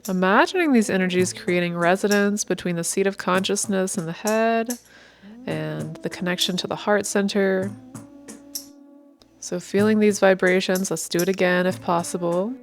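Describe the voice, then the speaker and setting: A woman guiding a meditation in a calm, inviting voice at a mid pitch. She speaks very slowly, and soft instrumental music plays faintly behind her. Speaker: meditation guide. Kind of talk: guided meditation.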